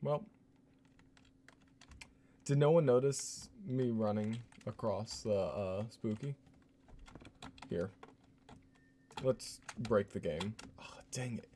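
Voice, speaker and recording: A man's voice: on the low side, takes it slowly, pauses often, dark tone, a little hiss or hum. A man playing a horror game live, joking and laughing as he reads notes aloud in a put-on voice. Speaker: streamer.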